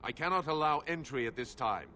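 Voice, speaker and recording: A proud dwarf gatekeeper speaks in a curt, grave, official tone. His voice sits at a plain middle pitch. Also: lively intonation, brisk, sharp tone, a little hiss or hum. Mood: stern. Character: stern, proud dwarf gate guard. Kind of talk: video game voice acting.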